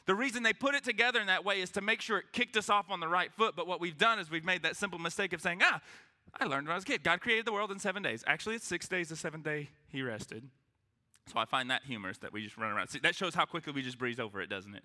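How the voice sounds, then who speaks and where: A man's voice: sits high, fast talker. A man preaching a sermon to his congregation in a church, joking and acting out little voices as he goes. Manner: animated, joking, acts out voices. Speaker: pastor.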